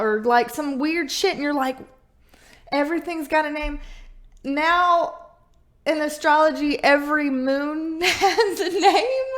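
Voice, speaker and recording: A high-voiced woman with a drawl hosts a tarot reading on camera. She talks in an irreverent, swearing, giggly way. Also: slow pace. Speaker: tarot reader. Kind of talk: casual tarot reading vlog.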